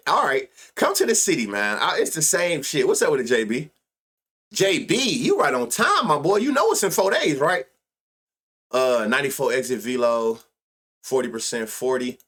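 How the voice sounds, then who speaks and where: Here the American host of a live sports-betting stream speaks at a normal speed in a mid-range, sing-song voice with a bit of brightness. He chats casually, leaning on slang and profanity, laughing often and quietly reciting stats to himself.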